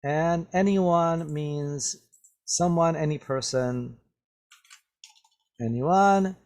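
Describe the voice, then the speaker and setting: A man teaching an English vocabulary lesson, explaining words slowly and checking in with "okay?" after almost every phrase. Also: a little high, darkish tone. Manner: repetitive, drawn-out explanations with many "okay?" checks. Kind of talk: slow classroom vocabulary lesson.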